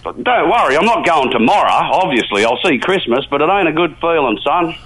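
Older aussie bloke ringing into talkback radio, bit high-pitched, chatty, rambles all over the place. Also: male voice, big pitch swings, brisk, fairly bright tone, breathy edge, low-quality recording. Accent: Australian. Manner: chatty, colourful, jumps between topics. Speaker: regular radio caller. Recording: radio call.

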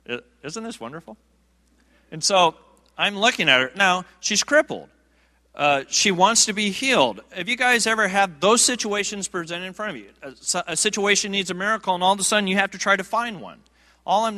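A man's voice: high-pitched, bright, forceful tone. A man preaching a sermon, telling a humorous, self-deprecating story with frequent fillers and restarts. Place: church sanctuary. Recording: long reverb of a large sanctuary.

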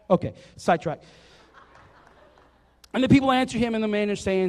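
A man's voice: high voice, expressive, quick pace, pauses often, darkish tone, in a large hall. A man preaching casually, reading scripture and joking with the crowd between verses, with lots of fillers. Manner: jokey, chatty, fillers, asks the crowd to repeat words. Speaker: youth preacher. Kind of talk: casual sermon with Bible reading.

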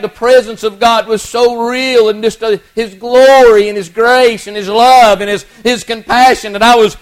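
Man, middle-aged, preacher; high-pitched, folksy storytelling sermon. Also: rough recording. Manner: folksy, earnest, many restarts and repeated words.

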